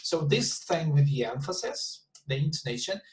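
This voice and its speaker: A man's voice: fairly high pitch, sing-song, moderate pace, low-quality recording. A man teaching an English class over a video call, explaining at length, often repeating words and checking in with "you see".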